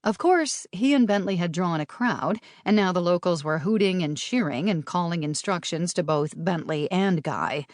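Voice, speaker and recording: Low-voiced woman narrating an audiobook. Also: lively intonation, normal speed, few pauses, no room sound, studio quality.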